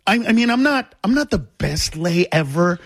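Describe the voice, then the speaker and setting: Middle-aged comedian guy on the radio, kinda high and husky, gets loud telling his story. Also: normal speed, dry recording, studio quality. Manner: animated, bursts into loud exclamations. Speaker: comedian guest.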